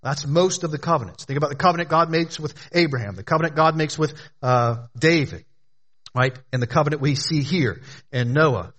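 A man's voice: a little high, a little fast, a bit bright. A man preaching a sermon as pastor, with emphatic, repetitive phrasing, sometimes speaking directly to the children in the congregation.

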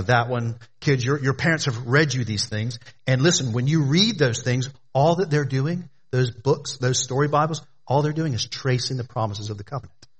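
A man preaching a sermon as pastor, with emphatic, repetitive phrasing, sometimes speaking directly to the children in the congregation. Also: medium pitch.

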